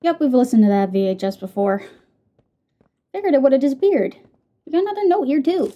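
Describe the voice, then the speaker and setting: A woman giving casual let's-play commentary, excitable, talking to the game characters and reacting out loud. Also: sits high, brisk, highs cut off. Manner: excitable, talks to the game, squeals and laughs. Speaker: gamer playing on a video channel.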